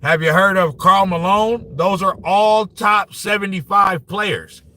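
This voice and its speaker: A man hosting a casual live-streamed basketball talk show, reading the chat and arguing points in an animated, profane way, often saying "you know what I'm saying.". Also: sits high, takes it slowly.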